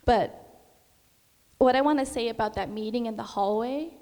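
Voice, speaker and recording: A woman's voice: on the high side, a little mellow. A young woman sharing a personal faith testimony in a chatty way, full of fillers and acted-out quotes. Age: young adult. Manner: chatty, many fillers, sings and acts out quotes. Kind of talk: casual testimony talk. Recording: long hall reverb.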